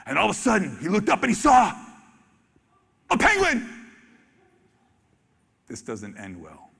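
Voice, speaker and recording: Excitable man on a reverberant expo stage. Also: high voice, creaky, husky. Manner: excitable, acts out reactions with sudden loud exclamations. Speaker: wildlife photographer giving a talk. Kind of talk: animated storytelling presentation. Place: large expo hall stage. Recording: reverberant hall.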